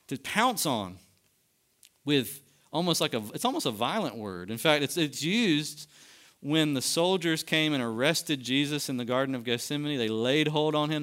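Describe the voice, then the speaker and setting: Pastor, male, fairly high smooth voice, passionate sermon delivery. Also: animated, a little slow, a bit bright. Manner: passionate, building to emphatic peaks. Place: church sanctuary.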